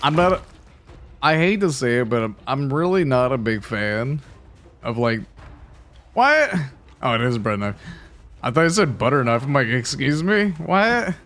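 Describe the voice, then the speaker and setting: A man's voice: mid-range voice, lively intonation, moderate pace, fairly bright tone, faint music behind. A man in his late twenties chatting casually and rambling through a let's-play commentary, joking at his own expense. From United States. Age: 20s. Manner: rambling, chatty, self-mocking. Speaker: gaming YouTuber.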